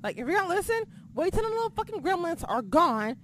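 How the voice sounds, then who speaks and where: A woman's voice: very high-pitched, very animated, quick pace, a bit bright, a little hiss or hum. A woman co-hosting a casual wrestling podcast, blunt and heavily profane as she rants about the show and her critics. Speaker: podcast co-host.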